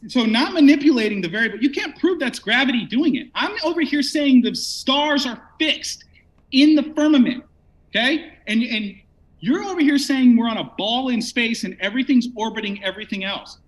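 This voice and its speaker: Guy with a really high voice arguing, pushy, cuts people off. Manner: combative, interrupting, mocking. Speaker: debater. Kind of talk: heated debate.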